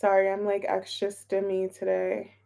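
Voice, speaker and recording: During a laid-back live tarot reading, a woman chats in a slightly scattered way, repeats things, and greets people in the chat. She speaks at a moderate pace in a mid-range, monotone voice that is creaky and mellow.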